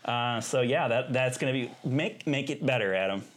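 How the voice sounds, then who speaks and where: A man's voice: medium pitch, normal speed, slight background noise. A man co-hosting a podcast in casual comedic chat, swearing freely and laughing often. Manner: animated, profane, laughs often. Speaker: podcast co-host.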